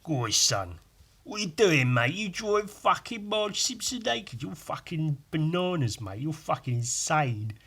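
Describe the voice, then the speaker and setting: A man voicing a brash, crude geezer who mocks and swears loudly. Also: a little high, very animated, a little slow, breathy edge, pitched above the performer's own voice, heavily acted. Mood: mocking. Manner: loud, swearing, mocking.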